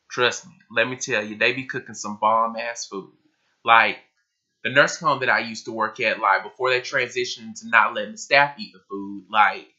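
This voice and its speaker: A young man vlogging casually to camera, his voice a bit croaky from just waking up, talking emphatically with lots of "like" and casual swearing. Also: fairly low pitch, bright, forceful tone. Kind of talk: casual vlog talk to camera. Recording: dull lo-fi recording.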